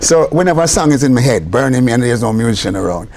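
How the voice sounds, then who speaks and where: An older man with a Jamaican accent, a record producer telling studio stories in a lively way, slipping between patois and English. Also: medium pitch, very fast. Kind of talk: storytelling interview talk.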